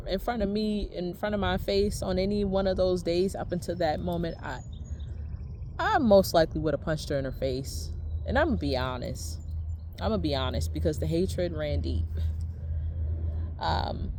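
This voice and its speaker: Woman sharing her testimony, slow and earnest, bit of a gravelly edge, faint noise behind. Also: on the low side, a little mellow. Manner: earnest, repeats phrases for emphasis, prayerful. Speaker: vlogger sharing a personal testimony. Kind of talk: emotional personal testimony.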